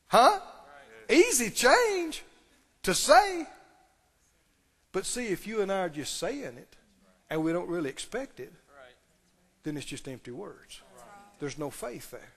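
A man's voice: on the high side, animated, moderate pace, creaky, long pauses, long reverb tail. A man preaching a sermon, emphatic, repeating key phrases and putting questions to the congregation. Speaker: pastor.

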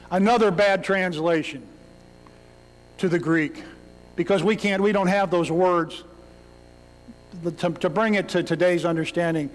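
Preaching in a church sanctuary, this pastor's voice runs a little high and moves at a moderate pace. He acts out the cries of the people in his dramatic story, with long reverb filling the hall.

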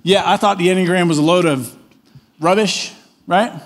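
A man's voice: sits high, moderate pace. A man preaching a conversational sermon as pastor in church, telling stories casually and often tagging on questions. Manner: casual storytelling, frequent tag questions.

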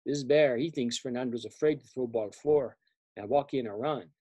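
A man voicing a scheming male bull pitcher in a storybook, thinking aloud slowly and boastfully. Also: dark tone, breathy edge, no echo, natural voice. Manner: slow, low, boastful inner monologue.

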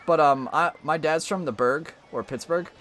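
An American man streaming a racing game, chatting in a rambling, animated way with frequent restarts. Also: on the high side, moderate pace, faint music behind. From United States. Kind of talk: casual gaming chat.

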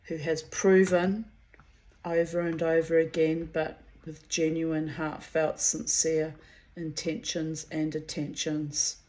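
A middle-aged woman talks her way through a personal oracle card reading in a low, deep voice. She speaks slowly and unhurriedly, rambling and repeating words as she goes. She fondly calls her listeners darlings and babies. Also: little pitch movement, a little mellow. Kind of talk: casual personal reading monologue.

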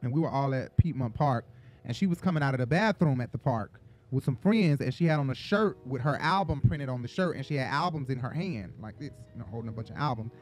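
A man from Atlanta, hosting an entertainment gossip show in a chatty, profane, animated storytelling manner. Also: mid-range voice, fast, faint music behind. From Atlanta, Georgia. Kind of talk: casual gossip commentary.

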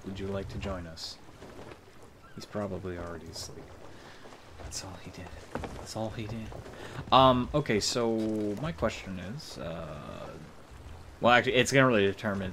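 A man's voice: lowish voice, animated, normal speed, background noise. Swearing, laughing young male streamer. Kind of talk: casual gaming chat. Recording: game sounds in the background.

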